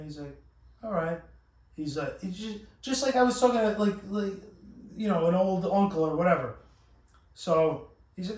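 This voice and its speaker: A man's voice: fairly high pitch, normal speed, roomy sound, distant mic. A man telling a long story in casual, profane chat, with many restarts and acted-out quotes. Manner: profane, rambling, full of restarts and quoted voices. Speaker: podcast host.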